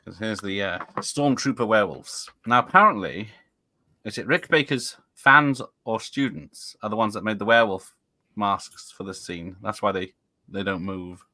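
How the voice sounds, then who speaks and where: A man with a lowish but bright, sharp voice and a dry, close home-mic sound. He jokes and laughs his way through a casual watch-party chat. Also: moderate pace, dry recording. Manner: jokey, laughs a lot. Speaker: podcast co-host. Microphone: home computer mic with speakers on.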